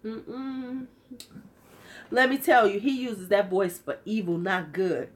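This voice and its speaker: A woman's voice: mid-range voice, steady tone, takes it slowly. Fifty-something lady vlogger, sassy and joking, casual chat with viewers, voice a bit worn out. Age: 50s. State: slightly worn-out voice.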